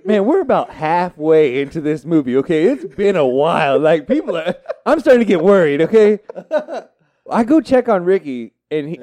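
A man's voice: high-pitched, a little mellow, no echo. A middle-aged man with a Texan accent tells a funny story among friends, laughing and acting out other people's lines. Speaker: podcast co-host.

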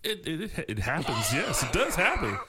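A man co-hosting a podcast in casual chat, chatty and quick to agree and tease. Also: a little high, wildly swooping pitch, very noisy. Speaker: co-host.

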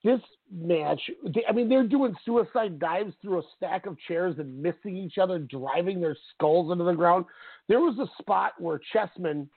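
Gravelly man chatting over a tinny line. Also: sits high, moderate pace, no room sound. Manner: enthusiastic, animated storytelling with acted-out quotes. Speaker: podcast co-host. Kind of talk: casual wrestling podcast chat. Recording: tinny phone-like audio, dry.

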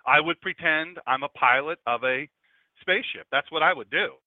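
Joking pastor on a tinny line. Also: male voice, fairly high pitch, moderate pace, no echo. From Delaware, USA. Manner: chatty, joking asides to the audience. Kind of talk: conversational radio sermon. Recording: dry, tinny phone-like sound.

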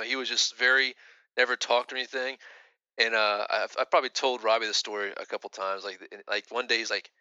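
A man's voice: medium pitch, pushed and bright, no room sound, lo-fi sound. A man in his thirties co-hosting a podcast, telling a long casual story with lots of restarts and filler words. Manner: rambling, many restarts and "like" fillers. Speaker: podcast co-host.

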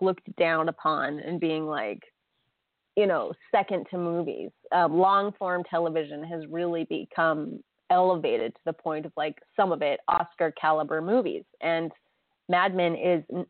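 A woman's voice: fairly low pitch, no room sound. A middle-aged woman talks through a casual solo podcast episode. She is chatty and emotional, breaking into laughs and filling gaps with ums. The sound is tinny and phone-like, with a dry, close feel. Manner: emotional, chatty, laughs often, many fillers. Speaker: podcast host.

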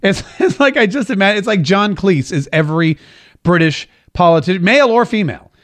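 Male host, higher-pitched, emphatic and repetitive in his political commentary. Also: lively intonation, fairly quick, a bit bright. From United States. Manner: emphatic, repeats phrases for stress. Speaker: podcast and radio host.

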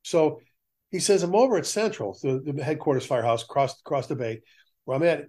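A middle-aged man with a fairly high voice, hosting a fire service talk show. He tells stories in casual chat and acts out the voices of the people he quotes with lots of life. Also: brisk. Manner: animated storyteller acting out quoted voices. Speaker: fire service podcast host.

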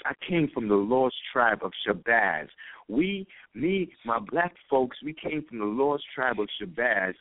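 A man's voice: on the low side, no echo. A man calling in to an internet radio show, talking in a profane, rambling, heated rant. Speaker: caller. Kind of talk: call-in radio talk. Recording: dry tinny phone line.

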